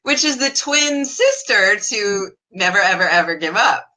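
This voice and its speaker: A woman interviewer with a bright, forward voice who cheers her guest on. She asks her questions enthusiastically and keeps the exchange upbeat. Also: medium pitch, animated, a little slow, poor audio. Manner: encouraging, enthusiastic. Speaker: interview host.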